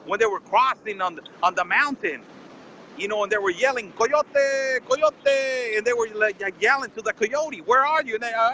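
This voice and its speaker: A man's voice: high-pitched, sharp tone, slight background noise, rough recording. A man calling in to a casual live-stream conversation, indignant and firing off rhetorical questions at the host. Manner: indignant, fires rhetorical questions, keeps addressing the host by name. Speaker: border correspondent calling in.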